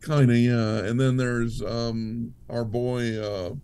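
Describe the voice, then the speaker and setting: A male guest on a talk show tells stories in a relaxed, easygoing manner. His voice is gravelly, with a dark, mellow tone. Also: mid-range voice, slow. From Nevada. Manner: laid-back storyteller. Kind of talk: casual chat.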